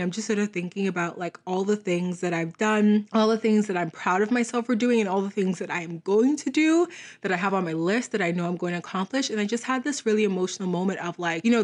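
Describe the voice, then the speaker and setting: Chatty young woman podcasting solo. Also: mid-range voice. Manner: chatty and reflective, heavy use of "like". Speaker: podcast host.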